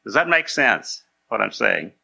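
Very gravelly, sharp-edged male preacher. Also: on the low side, big pitch swings, unhurried. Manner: patient, explanatory, checks the listeners follow. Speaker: pastor. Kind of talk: conversational sermon.

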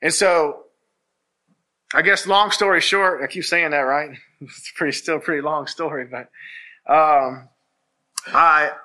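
Earnest man, bright forceful voice. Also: a little high, a little slow, pauses often. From Virginia, US. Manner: earnest, rambling storytelling with many restarts. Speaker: church member giving testimony. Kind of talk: personal testimony.

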